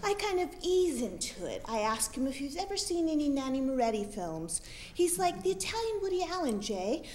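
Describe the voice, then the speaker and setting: A woman from Utah reading her own funny stories on a comedy club stage with dry, wry humor. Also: sits high. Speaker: storyteller. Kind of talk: live storytelling reading.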